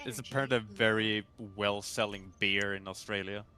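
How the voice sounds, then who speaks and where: Bright-toned man rambling with fillers. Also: fairly low pitch, fairly even intonation. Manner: halting, full of fillers and restarts. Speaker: co-player. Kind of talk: casual chat while playing.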